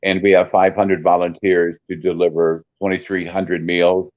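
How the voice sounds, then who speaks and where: A man guest speaking earnestly and warmly about his holiday plans, halting with fillers. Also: sits low, level tone, no echo, highs cut off. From Peoria, Illinois area. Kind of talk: casual chat.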